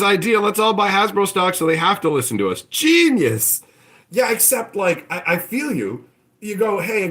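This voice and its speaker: A man's voice: fairly high pitch, fairly bright tone. A man hosting his own channel, ranting casually and profanely and acting out mocking voices. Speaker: channel host. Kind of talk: casual opinion rant.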